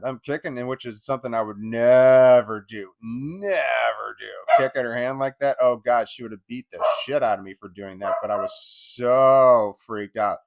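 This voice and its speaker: A man's voice: mid-range voice, dry recording. A man telling a painful personal story in a rambling, emotional way, swearing and using lots of fillers. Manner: rambling, emotional, profane retelling with many fillers. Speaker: channel host sharing personal history.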